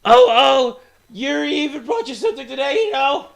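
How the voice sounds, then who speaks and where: A cheerful, clumsy schoolgirl voiced by a man going into falsetto who gushes and bounces all over her lines. Her voice swoops widely, and it stays high above his own. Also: big pitch swings, normal speed, creaky, a bit bright, heavily acted. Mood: bubbly. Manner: bouncy and gushing. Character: bubbly, cheerful clumsy teen girl.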